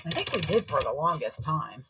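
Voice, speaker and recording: A young adult woman chatting casually while sewing, telling rambling, self-deprecating stories with a husky voice. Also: low-pitched, very animated, normal speed, noisy background. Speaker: sewing vlogger.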